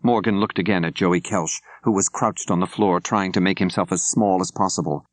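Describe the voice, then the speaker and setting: An older man narrating an audiobook in a measured, clear storytelling manner, close to the microphone. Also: low voice, fairly even intonation, dry recording. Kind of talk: scripted narration. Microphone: close studio mic.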